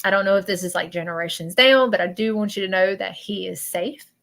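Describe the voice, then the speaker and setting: A woman with a Southern US accent hosting a live stream of spiritual readings, talking in an emotional, halting way that repeats itself. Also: mid-range voice, gravelly, fairly bright tone. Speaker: host doing spiritual readings. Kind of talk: live-stream chat with viewers.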